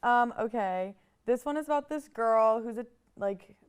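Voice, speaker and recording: Giggly high-voiced young woman. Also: measured pace, smooth. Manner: giggly, playful. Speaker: co-host. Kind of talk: comedic college talk show banter.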